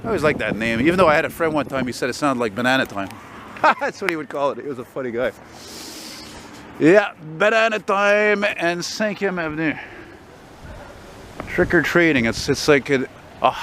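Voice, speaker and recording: Man, 40s, walking vlogger, higher-pitched, swears a lot and rambles, street traffic rumbling behind. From Quebec, Canada. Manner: rambling, profane, easily excited. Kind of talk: casual walking vlog. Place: city street at night, outdoors. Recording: street traffic noise outdoors.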